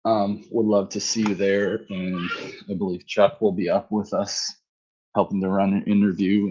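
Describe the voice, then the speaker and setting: A man talking casually as co-host of a live audio chat, making a relaxed, rambling pitch for a fundraiser. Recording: dull, lo-fi online audio.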